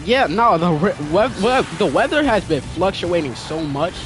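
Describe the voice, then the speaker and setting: His voice is high, with big swings in pitch, and he talks at a normal speed. A young streamer, he banters casually with viewers in slang while gaming, the game's music playing in the background.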